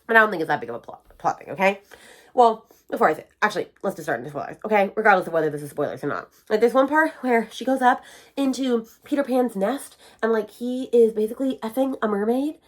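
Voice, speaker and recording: Speaking at a quick pace in a medium-pitched voice, this book vlogger chats casually about what she's been reading. She's animated and ranty, acting out quotes in the characters' voices.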